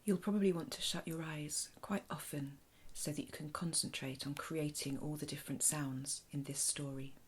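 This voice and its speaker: Woman narrating a children's imagination story, low, slow, gravelly, hushed. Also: steady tone, a little hiss or hum. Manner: soft, hushed, often half-whispered delivery.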